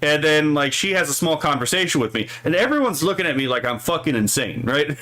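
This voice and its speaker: A man's voice: on the high side, animated, fairly quick, a bit bright. A man streaming casually, reading out viewer comments and rambling through stories, often tagging his sentences with "right?" and chuckling between thoughts. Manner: rambling, keeps asking "right?".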